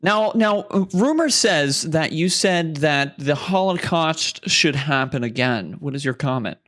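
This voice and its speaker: A man's voice: on the high side, animated, measured pace, a bit bright. A man voicing a mock-serious male talk show interviewer who grills a guest in a put-on formal tone.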